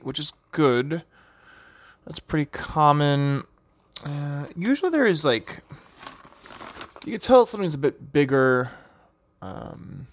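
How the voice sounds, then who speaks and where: A man working as a barista, talking in a casual, rambling and digressive monologue. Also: medium pitch.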